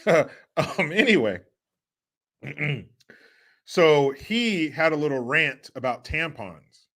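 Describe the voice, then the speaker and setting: A man's voice: a little high, expressive, very slow, long pauses, a bit bright. A man hosting a live stream commentary show, mocking and profane and laughing often. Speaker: host.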